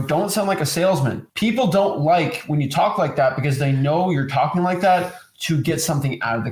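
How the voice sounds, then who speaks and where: Animated man in a roomy space. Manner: animated, acts out sales pitches in mock voices. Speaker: host. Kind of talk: casual chat. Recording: roomy echo.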